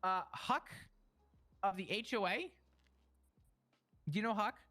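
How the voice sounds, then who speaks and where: Brief: man, slightly high, bright voice, rambling profane in-character storyteller. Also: takes it slowly. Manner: rambling, profane, stammering retelling. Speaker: roleplay character telling a story.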